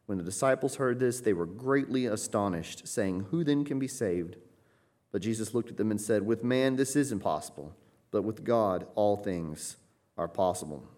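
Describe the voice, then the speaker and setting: A man's voice: lowish voice, normal speed, darkish tone. Man preaching an earnest sermon. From United States. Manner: earnest teaching, emphatic with frequent restarts. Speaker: pastor.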